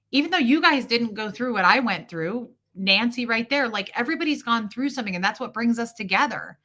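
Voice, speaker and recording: Bright-voiced woman chatting with her viewers, blunt and emotional, swears a lot. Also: fairly high pitch. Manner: candid, emotional storytelling with swearing. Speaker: livestream host. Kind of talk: casual chat with viewers.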